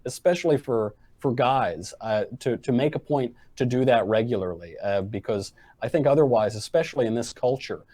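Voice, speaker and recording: A man appearing as a podcast guest, talking in a wry, deadpan style with plenty of fillers. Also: medium pitch, normal speed, hardly any pauses, no echo. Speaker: guest commentator. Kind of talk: casual chat.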